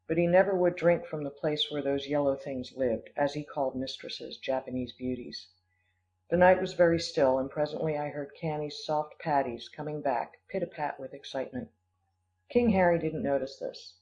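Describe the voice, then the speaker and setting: A man reads an audiobook in a measured storytelling manner. His voice sits somewhat high for a man, and the recording sounds dull and lo-fi. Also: a little mellow. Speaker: audiobook narrator. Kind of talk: scripted audiobook narration.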